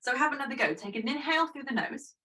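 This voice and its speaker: A woman guiding a yoga breathing practice in a gentle, chatty, self-deprecating way. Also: high-pitched, lively intonation, fast, recorded from a distance, poor audio. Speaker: yoga teacher. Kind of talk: guided breathing instruction.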